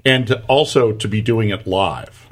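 A man's voice: on the low side, a little slow. A man co-hosting a casual talk show, rambling through an anecdote with many restarts. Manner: rambling, restarts often, laughs through stories. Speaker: podcast co-host. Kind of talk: casual chat, storytelling.

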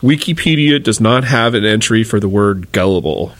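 A man with a somewhat low voice hosts a loose trivia chat, reading items from his notes. He cracks jokes between facts and laughs at his own gags. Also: animated, normal speed. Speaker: co-host.

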